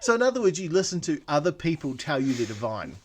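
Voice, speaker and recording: A man with a New Zealand accent, co-hosting a podcast and telling stories in an animated, profane, ranting way. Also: fairly high pitch, fast talker. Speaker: podcast co-host. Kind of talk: casual storytelling chat.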